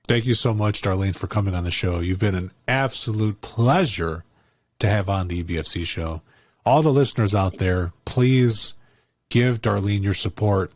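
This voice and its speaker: A man's voice: fairly low pitch, normal speed. A man hosting a podcast, talking in a casual and upbeat way. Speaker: podcast host.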